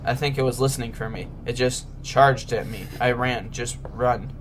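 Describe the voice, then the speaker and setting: A man narrating his own horror-game playthrough for viewers. His voice sits at an ordinary pitch, and he keeps nervously talking himself and his audience through each tense moment. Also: fairly even intonation, normal speed, slight background noise. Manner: jittery, whispers reassurances to viewers. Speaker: gaming YouTuber. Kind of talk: let's-play commentary.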